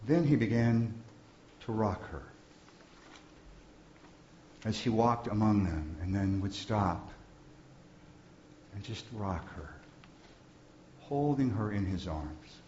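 A man preaching, telling a story slowly and softly, often dropping to a hush. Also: on the low side, animated, slight background noise. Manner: slow, soft-spoken storytelling with hushed passages. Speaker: pastor. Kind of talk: sermon storytelling. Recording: dull, echoey room recording.

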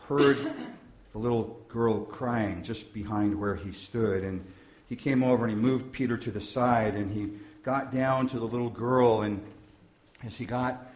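A man preaching, telling a story slowly and softly, often dropping to a hush. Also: mid-range voice. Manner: slow, soft-spoken storytelling with hushed passages. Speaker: pastor. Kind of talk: sermon storytelling. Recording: dull, echoey room recording.

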